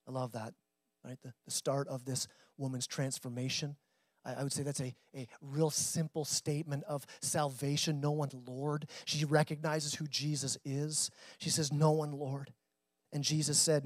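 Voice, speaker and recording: Man, pastor, sermon, high voice, dry close sound, conversational, repeats words. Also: steady tone, moderate pace, no room sound. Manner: conversational preaching, repeats words, rises and drops in intensity.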